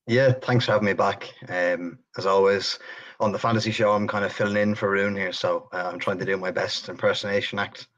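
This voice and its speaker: Deep-voiced Irish man on dull lo-fi audio. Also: steady tone, a little fast, a bit bright. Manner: easygoing, hedging with fillers. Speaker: co-host. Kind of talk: casual football chat.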